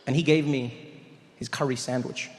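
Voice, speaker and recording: A man from Africa, performing an animated stand-up set and acting out voices. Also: medium pitch, moderate pace, long reverb tail. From South Africa. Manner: storytelling, animated, acts out voices. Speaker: stand-up comedian. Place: stage in a large venue.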